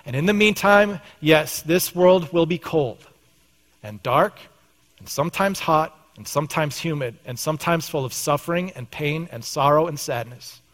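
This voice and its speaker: A male pastor preaching in a church sanctuary, his slightly high voice carrying with a long reverb tail. He tells a family anecdote in a relaxed, conversational way, poking fun at himself before turning to the lesson. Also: moderate pace. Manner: storytelling, conversational and self-deprecating. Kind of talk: sermon.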